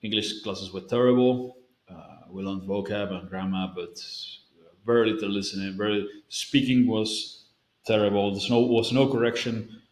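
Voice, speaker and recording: A man from Spain chats to camera in answer to a viewer question. His voice sits on the low side and echoes around the room. He rambles and restarts sentences often. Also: steady tone, moderate pace. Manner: rambling, self-correcting, with frequent fillers. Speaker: language-learning video creator. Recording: roomy echo.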